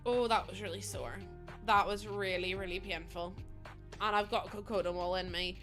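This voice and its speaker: A young woman streaming to her chat, talking casually while in pain after surgery, apologetic and emotional, pausing to breathe through it. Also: medium pitch, steady tone, a bit bright, faint music behind. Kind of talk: casual chat to a livestream audience.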